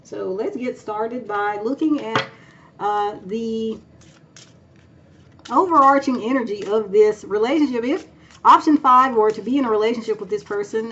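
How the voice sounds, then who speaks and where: A woman with a fairly high voice reads tarot cards in a loose, chatty way, wandering off into asides and filling pauses with "uh" and "um." The recording sounds a little dull and lo-fi. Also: fairly bright tone, a little hiss or hum. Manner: rambling, thinks aloud with many fillers. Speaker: tarot reader. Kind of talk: casual pick-a-card reading.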